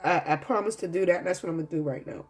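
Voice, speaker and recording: Tarot reader, husky voice, earnest, talks straight to viewers, emotional, faint background music. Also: medium pitch, rapid-fire. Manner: earnest, addresses viewers directly; emotional, fights back tears. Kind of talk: spiritual tarot reading to camera.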